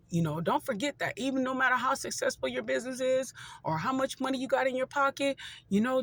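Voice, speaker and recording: A fifty-year-old vlogger talks straight to the camera in a casual, heartfelt way. The speech wanders and circles back, filled with "you know" and restarts. It is earnest encouragement rooted in faith, delivered as plain everyday talk at a middle pitch. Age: turning 50. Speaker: vlogger and motivational speaker.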